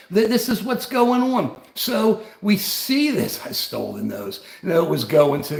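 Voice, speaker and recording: A man's voice: high-pitched, vocal fry, reverberant. An older man and grandfather, host of a livestream, giving rambling, combative political commentary.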